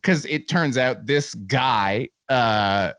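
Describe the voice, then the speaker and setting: A man guest telling lively stories over a remote podcast call, laughing often and swearing freely. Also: mid-range voice, extremely slow, dry recording, clean studio sound. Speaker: podcast guest, comedian and video reviewer. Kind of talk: casual storytelling chat.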